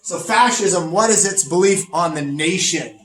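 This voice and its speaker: A man's voice: high-pitched, unhurried, fairly bright tone, far from the mic. A man playing a pompous, boastful fascist in a comedic lesson skit, lecturing with smug self-importance. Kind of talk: comedic educational role-play. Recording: roomy echo, off-mic, faint music.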